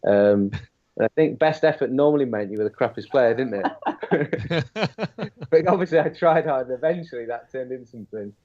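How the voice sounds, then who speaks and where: A man in his thirties from England chats as a podcast guest, in a mid-pitched voice. He jokes about himself and keeps things light and loose. The sound is muffled and a little lo-fi. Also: expressive, normal speed. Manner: jokey, self-deprecating, laughs often. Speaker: podcast guest, former rugby player. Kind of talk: casual interview chat.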